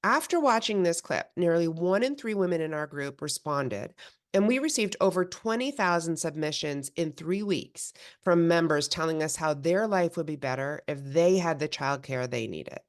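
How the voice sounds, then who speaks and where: A woman presenting her organization's work in a steady, explanatory way, with small restarts. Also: low voice, normal speed. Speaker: presenter of an advocacy group. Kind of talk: prepared presentation.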